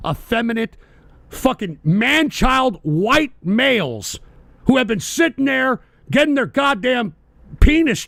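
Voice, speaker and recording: A male radio host rants with fury, swearing freely and often breaking into shouts. His voice sits very high for a man and carries a gravelly rasp. The recording is dry and close, with no room echo. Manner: profane, ranting, often shouting. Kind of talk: angry political rant.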